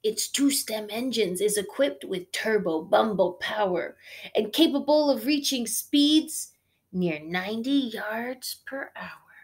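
A woman's voice: animated, takes it slowly. A woman playing a crooning mantis salesman. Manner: crooning, hushed sales pitch. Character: smooth-talking male mantis car salesman.

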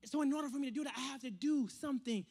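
A man preaching a sermon in an animated way, repeating phrases and acting out quotes. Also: very high voice, very fast.

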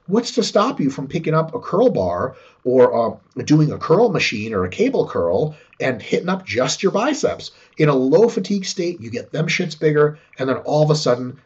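A man talking as a guest expert in a casual, profane, animated way, acting out quotes as he explains. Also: a little high, husky. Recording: dull lo-fi sound.

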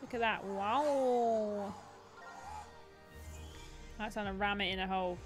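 A woman's voice: medium pitch, takes it slowly, music in the background. A young woman hosting a live stream, chatting playfully through gameplay commentary and teasing the game.

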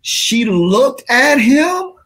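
Man preaching, high voice, slow delivery, dramatic, shouting then hushed. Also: very animated. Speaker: pastor. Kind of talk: sermon.

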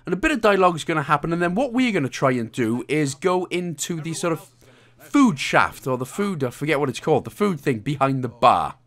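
A Welshman rambles through a video game walkthrough in a loose, casual way, keeping up jokey, self-mocking asides. His voice sits a little high, is fairly bright, and swings up and down in a lively, sing-song manner at a slightly fast pace.

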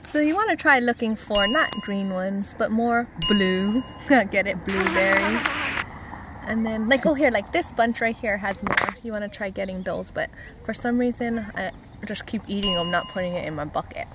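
A woman's voice: medium pitch, normal speed. A middle-aged woman, the vlogger's mother, chatting playfully with puns and sing-song bits at an outdoor berry farm. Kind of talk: casual chat. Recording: outdoor background noise.

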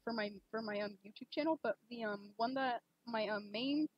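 A young woman streaming a game, chatting casually and rambling with lots of fillers, gushing excitedly at times. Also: fairly high pitch, normal speed, slightly rough, dry recording. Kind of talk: casual live-stream chat. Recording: dull lo-fi stream mic.

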